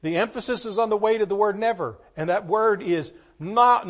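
A man preaching a sermon, reading scripture slowly and swinging between hushed asides and loud emphatic lines. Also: high-pitched. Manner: reads scripture in slow, measured tones.

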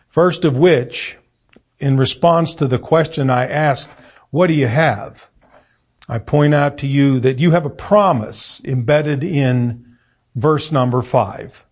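A middle-aged man preaching an evening sermon in a church room, reading scripture and stressing words deliberately with fillers and pauses. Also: medium pitch, a little mellow, slightly rough. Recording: muffled lo-fi sermon recording.

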